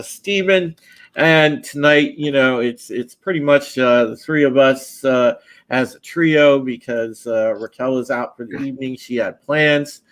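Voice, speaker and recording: A man's voice: mid-range voice, fairly bright tone. A man hosting a podcast and running a casual live-stream panel intro, loose and chatty with many fillers and restarts. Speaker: podcast host.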